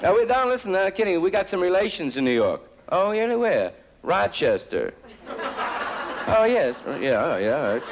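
An eager, lonesome small-town old man with a high, pleading voice and a gravelly edge, as a comedian puts him on. It swings up and down a lot. The live recording carries a clear hiss under it. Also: big pitch swings, moderate pace.

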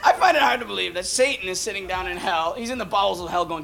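A young man doing an animated, rambling stand-up comedy set, acting out bits. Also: high voice, fast talker, gravelly. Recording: live club with noisy laughing crowd. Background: audience laughter and noise.

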